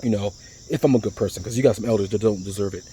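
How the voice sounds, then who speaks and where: A man, talking in a rambling, casual storytelling monologue, repeating words and getting animated as he tells his stories. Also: lowish voice, very fast, slightly rough. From United States. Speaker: vlogger.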